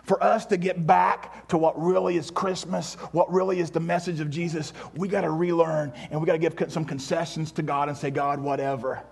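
A man's voice: fairly high pitch, level tone, fairly quick, creaky, few pauses, breathy edge. A male pastor preaching a sermon in a church, emphatic, repeating phrases and firing rhetorical questions at the congregation.

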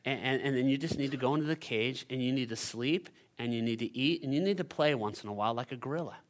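A man voicing a zoo manager in a sermon story, low and subdued as he explains the job. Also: quick pace, natural voice. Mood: explaining. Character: matter-of-fact male zoo manager.

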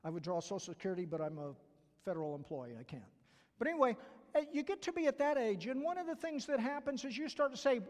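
A man's voice: extremely high pitch, big pitch swings, fast, darkish tone. An older man with a Southern accent and a stutter preaching a sermon at church, earnestly repeating key phrases and acting out quoted voices. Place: church sanctuary. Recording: long reverb from a large hall.

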